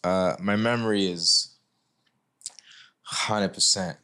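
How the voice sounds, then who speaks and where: A man who is a guest on a podcast, talking in a relaxed, reflective and casual way. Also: low-pitched, takes it slowly.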